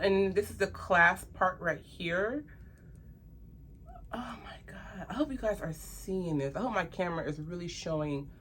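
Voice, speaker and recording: A woman's voice: fairly low pitch, slight background noise. Gushing woman unboxing jewelry. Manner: gushing, excitable, addresses viewers as "you guys". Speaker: jewelry reviewer vlogger. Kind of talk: casual unboxing review.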